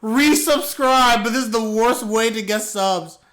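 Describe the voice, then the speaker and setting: A man's voice: high voice, fairly even intonation, normal speed, fairly bright tone. A young man doing live anime reaction commentary, reacting aloud in bursts with slang, laughter and teasing.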